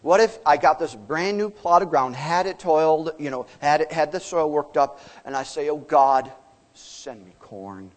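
A man's voice: on the high side, moderate pace, few pauses. A man preaching a sermon as pastor, emphatic and folksy, asking his listeners questions.

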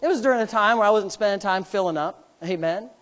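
A man preaching a sermon as pastor. He swings from loud, climbing preaching peaks to quiet, self-mocking storytelling with casual asides. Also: high voice, fast. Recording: long reverb of a large hall.

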